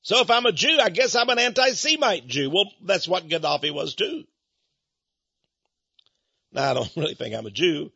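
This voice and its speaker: A man's voice: sits high, big pitch swings, moderate pace, creaky, pauses often, bright, forceful tone, husky, no echo, muffled recording. A middle-aged man hosting a rambling talk-radio monologue in a folksy, confiding way, chuckling between points.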